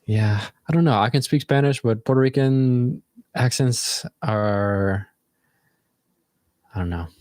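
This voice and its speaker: A man's voice: mid-range voice, takes it slowly, pauses often, a little mellow, dry recording, studio quality. A man hosting a livestream, chatting casually in a loose, rambling, reflective way. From United States. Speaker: livestream host.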